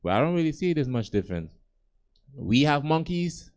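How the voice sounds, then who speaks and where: A man's voice: a little high, big pitch swings, normal speed, a little mellow. A young man from Gambia doing a laid-back, conversational stand-up set on a comedy club stage, chuckling at his own jokes into a handheld mic.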